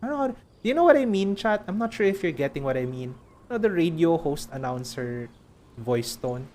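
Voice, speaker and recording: A man's voice: on the high side, sing-song, a little fast, a little mellow. A man with a Filipino accent chatting casually while streaming a game, rambling and laughing often.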